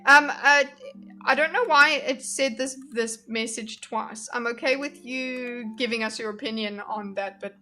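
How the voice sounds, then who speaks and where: A woman's voice: fairly high pitch, sharp tone. A woman streamer giving casual commentary on a debate clip, thinking aloud with many fillers and restarts and replying to her live chat. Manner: reads and answers live chat.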